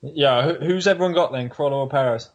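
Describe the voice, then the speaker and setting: A man's voice: mid-range voice, fast. A man co-hosting a casual podcast chat, laid-back and sweary. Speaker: podcast co-host.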